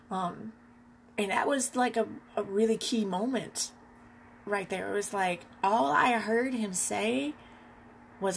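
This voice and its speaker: A woman podcast host telling a personal story, candid and reflective, in an unhurried way with pauses. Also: medium pitch, gravelly, slight background noise.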